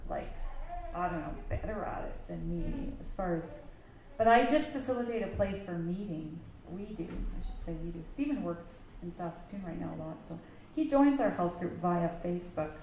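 A woman casually telling a lively story in a church, laughing often and acting out what people said. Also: lowish voice, moderate pace. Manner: animated, laughing often, acts out quotes. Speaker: church member sharing a story. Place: church hall. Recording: echoey hall with faint noise.

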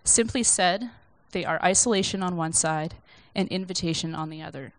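Brief: young woman, lowish voice, dry close sound, gentle conversational sermon read from notes. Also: moderate pace, no room sound. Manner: conversational, self-deprecating, reflective. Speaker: speaker sharing a church message.

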